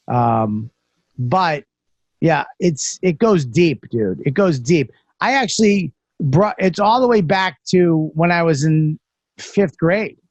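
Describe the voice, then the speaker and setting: A podcast host telling stories in casual chat, profane and self-deprecating, with many restarts. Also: male voice, on the high side, no echo, dull audio.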